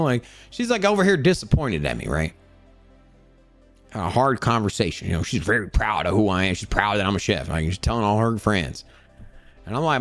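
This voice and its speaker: A man hosting a crypto show, ranting in a casual motivational way, animated and full of repeated words, acting out other people's voices. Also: mid-range voice, moderate pace, dry recording, faint music behind. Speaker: crypto channel host.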